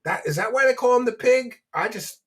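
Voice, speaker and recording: A man's voice: extremely high pitch, expressive, fairly quick, a bit bright, slightly rough. A man hosting a livestream, reading donations and mocking a guest in a boastful, rambling way. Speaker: livestream host.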